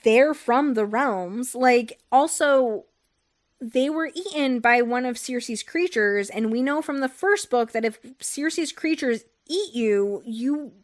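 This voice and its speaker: A woman's voice: high-pitched, expressive, slow pace. A young woman hosting a book podcast, recapping the story in a loose, profane, filler-heavy chat. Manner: rambling and profane, with many fillers like "like" and "um". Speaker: podcast host recapping a novel. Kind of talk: casual chat.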